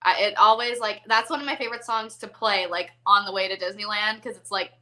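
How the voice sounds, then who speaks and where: Chatty woman host, bright, crisp voice, lots of "um" and "like". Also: medium pitch, fairly even intonation, brisk, poor audio. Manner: chatty, giggly, filler-heavy. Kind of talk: casual movie chat.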